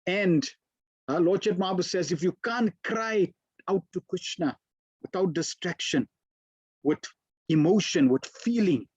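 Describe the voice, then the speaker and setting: Male spiritual teacher, husky, casual storytelling, dry sound. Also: high-pitched, darkish tone, dry recording, muffled recording. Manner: conversational, many fillers. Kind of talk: storytelling sermon.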